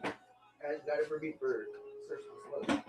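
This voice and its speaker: Over a noisy background, a man hosts a live watch-along stream, chatting casually and rambling through stories full of slang and plenty of "bro". His fairly high voice is a little slow, with fairly even intonation.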